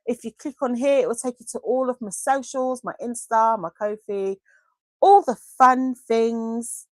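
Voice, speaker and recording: A woman's voice: fairly high pitch, unhurried, darkish tone, dry recording, studio quality. A woman hosting a live craft stream, chatting casually and gushing affectionately as she reads viewer comments aloud into a desk microphone. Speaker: craft livestream host.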